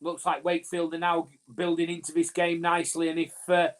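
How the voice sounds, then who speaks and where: A man's voice: fairly high pitch, monotone, a little fast. A man from Northern England co-hosting a live fan watch-along of a rugby league match, rambling commentary with fillers and restarts. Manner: rambling, talks over his co-host, frequent fillers and restarts.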